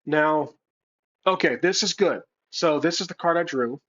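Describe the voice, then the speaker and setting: Slow, musing man at a game table. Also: a little high, pushed and bright, lo-fi sound. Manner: thinking aloud, unhurried, with fillers and self-corrections. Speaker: solo tabletop game player and narrator. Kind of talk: casual solo game narration. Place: home room with a cat.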